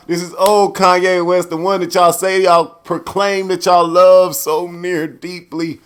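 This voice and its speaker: A man's voice: high voice, level tone, a little slow, hardly any pauses, clear, resonant tone. A man hosting a podcast in laid-back, joking chat, laughing often and swearing freely. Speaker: podcast host.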